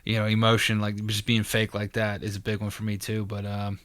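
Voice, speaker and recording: A man co-hosting a podcast in casual chat, high-energy and animated, laughing often. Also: a little fast, no room sound, clean studio sound. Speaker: podcast co-host.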